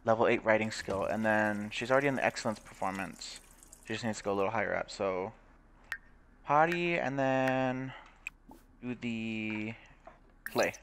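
A man's voice: medium pitch, a little hiss or hum. A young man giving casual, crude commentary while playing a game, swearing, laughing and reading game text aloud. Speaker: gaming YouTuber.

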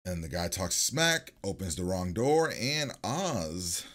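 A young man, host of a reaction channel, recapping a TV episode in an animated, casual way, swearing and laughing as he goes. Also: low-pitched, slow pace.

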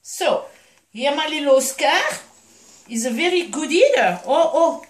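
A woman's voice: high voice, animated, measured pace. A woman chatting through a puppy feeding demonstration, cheering and coaxing the puppies as she goes. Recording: echoey room, mic at a distance.

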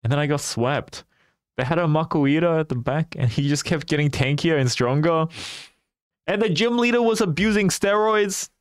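A man's voice: mid-range voice, dry recording, clean studio sound. A young man live-streaming a game, chatting casually and animatedly with his viewers and laughing often.

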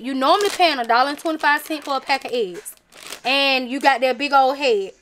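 A chatty woman with a bright, high voice talks straight to her viewers, calling them y'all. Her talk is casual and emphatic. Faint noise sits under the recording. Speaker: vlogger showing a craft haul. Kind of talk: casual chat to camera.

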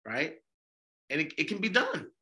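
His voice sits a little high and swings hugely in pitch, moving at a moderate pace with a pushed, bright quality. He's an Orthodox priest hosting a podcast, arguing passionately through many rhetorical questions.

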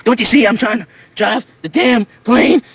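A young man doing a profane improvised comedy voiceover, yelling and laughing often, with a raspy voice. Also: very high-pitched, normal speed, dry recording.

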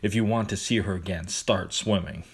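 A huge monster of a man, voiced by a male storyteller, talks in a flat, slow monotone. His tone is stern and without emotion. The voice is very low and dark. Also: slightly rough.

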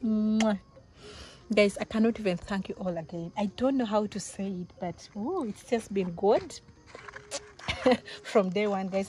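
A woman's voice: medium pitch, very animated, a little hiss or hum. A young woman from Uganda, a vlogger, reading aloud and reacting emotionally, laughing often and exclaiming. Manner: reading a letter aloud slowly. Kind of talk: excited unboxing vlog.

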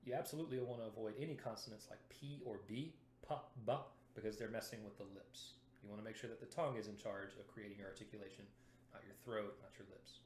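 A man teaching brass playing in a lesson video, explaining clearly and methodically while sounding out syllables to demonstrate. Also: on the low side, steady tone, quick pace, a little mellow, reverberant, a little hiss or hum.

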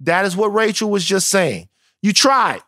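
A male podcast co-host from Louisiana telling stories in casual, profane, animated chat. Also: high voice, moderate pace, no echo, studio quality. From Louisiana, United States.

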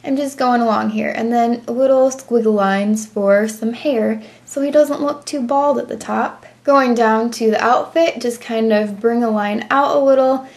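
A young woman with a slightly high voice walks through a drawing step by step. She keeps up a chatty, self-commenting voice-over and paces her words to her pen. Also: steady tone, measured pace, few pauses, darkish tone. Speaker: drawing tutorial host.

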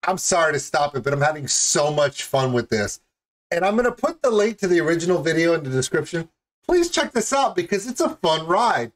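A man chats through his reaction to a music video with a rambling, jokey energy. His pitch jumps up and down a lot, and he keeps laughing at his own tangents. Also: very animated, fairly quick, slight background noise. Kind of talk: casual reaction commentary.

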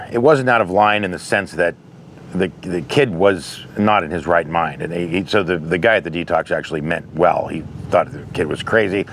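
Deep-voiced man giving frank advice. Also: slight background noise. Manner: candid, conversational, storytelling with anecdotes. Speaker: interventionist. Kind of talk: advice monologue.

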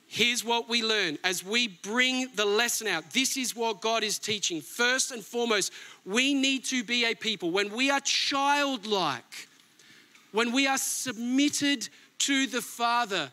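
A middle-aged pastor preaching a sermon with emphatic swings between near-shouts and soft asides. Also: male voice, very high voice, unhurried.

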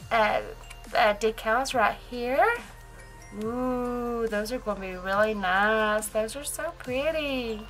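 A woman chatting casually in a haul vlog, gushing and excitable and repeating her exclamations. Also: fairly high pitch. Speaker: nail art vlogger.

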